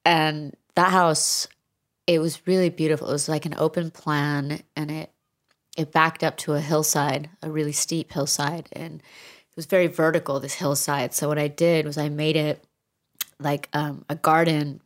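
A woman's voice: low voice, flat delivery, moderate pace. A middle-aged woman speaking as an interview guest, frank and reflective with dry asides. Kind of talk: candid interview conversation.

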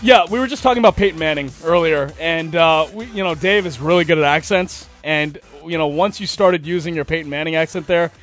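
Male sports radio host, a bit high-pitched, brisk reads and easy banter. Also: a bit bright, soft background music. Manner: brisk scripted reads, then laughing banter. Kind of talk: sports news update and casual studio chat.

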